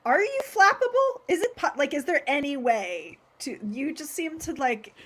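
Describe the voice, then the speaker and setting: A woman's voice: high-pitched, very animated, normal speed. A woman hosting a livestream, chatting casually and rambling with lots of fillers and effusive praise. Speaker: festival host.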